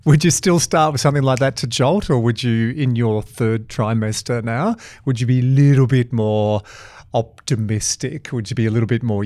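A man's voice: mid-range voice, moderate pace, a little mellow, dry recording. A man hosting a casual podcast interview, asking questions with enthusiastic, playful, teasing banter. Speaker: podcast host.

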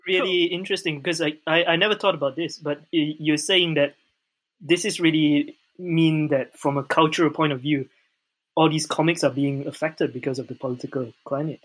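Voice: medium pitch, fairly even intonation, fairly quick. Hesitant podcast co-host. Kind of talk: casual chat.

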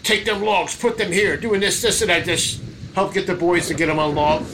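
A man playing a rude, gruff small male adventurer who talks bluntly and crudely. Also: high-pitched, normal speed, noisy background.

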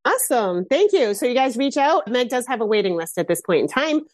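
A woman hosting a casual podcast interview, energetic and frank, swearing casually. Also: on the high side, fairly quick, no room sound, clean studio sound. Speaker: podcast host.

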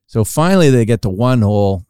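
A man on a podcast, telling a long funny anecdote casually and acting out the quoted lines with lively rises. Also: a little fast, clean tone, no room sound, clean studio sound. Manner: animated storytelling, acting out quoted lines with rising pitch. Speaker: podcast guest storyteller.

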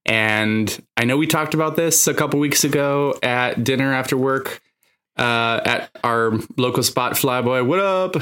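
A man's voice: mid-range voice, unhurried, fairly bright tone, clear, resonant tone. A man co-hosting a podcast in casual, jokey banter, laughing often. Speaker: podcast co-host, therapist.

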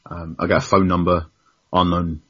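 A young man with a very low, husky voice tells stories in a relaxed, rambling interview. He pokes fun at himself and laughs often. The audio is dull and lo-fi. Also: moderate pace. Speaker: football journalist, guest. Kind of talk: casual storytelling interview.

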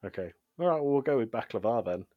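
A man co-hosting a podcast, casually recapping a TV episode with frequent ums and quick laughs. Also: medium pitch, big pitch swings, dry recording, highs cut off. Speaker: podcast co-host.

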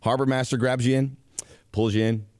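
A man co-hosting a casual sports podcast, joking and animated with quick asides. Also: mid-range voice, no room sound, clean studio sound. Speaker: podcast co-host.

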